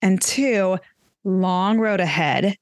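A woman's voice: mid-range voice, takes it slowly, dry recording, studio quality. A woman hosting an interview, affirming and summing up her guest's story. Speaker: podcast host. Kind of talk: interview conversation.

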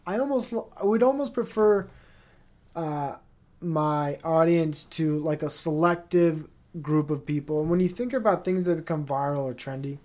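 A man's voice: fairly high pitch, a little mellow. A man in his thirties hosting a solo podcast, talking in a rambling, profane way with lots of fillers and tangents. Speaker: podcast host. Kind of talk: casual solo podcast monologue.

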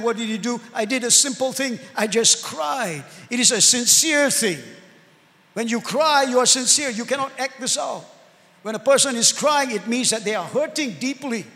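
A male pastor preaches an earnest sermon, stretching out his emphatic words and calling for amens. His voice sits high for a man. The sound carries a long reverb from the church hall. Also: a bit bright.

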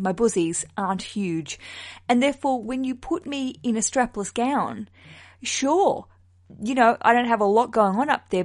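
A woman from Australia hosting a podcast in casual chat, frank and expressive, swearing casually. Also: fairly high pitch. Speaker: podcast host.

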